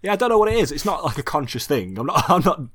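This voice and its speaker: A young man from Sheffield who hosts a podcast and chats casually, talking quickly and low with a mumble. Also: big pitch swings, a bit bright, no room sound. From Sheffield, England. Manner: mumbly, talks fast and low. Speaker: podcast host. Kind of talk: casual chat.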